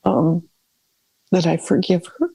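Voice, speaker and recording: A woman's voice: fairly low pitch, level tone, slow, vocal fry, warm tone, slight background noise, poor audio. A middle-aged woman caring for her mother, speaking candidly and searchingly about her family, often restarting her sentences. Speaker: family caregiver. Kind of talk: reflective personal interview.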